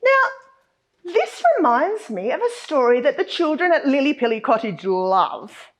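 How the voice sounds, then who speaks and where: A woman's voice: sits high, very animated, unhurried. A woman teacher, hosting a preschool morning and talking to small children in a sing-song, encouraging way. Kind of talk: cheerful talk to small children.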